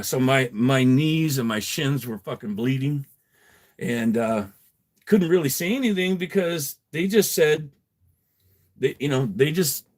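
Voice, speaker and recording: A middle-aged man telling a story on a livestream, rambling and profane, chuckling as he goes. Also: medium pitch. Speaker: livestream host. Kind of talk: casual storytelling.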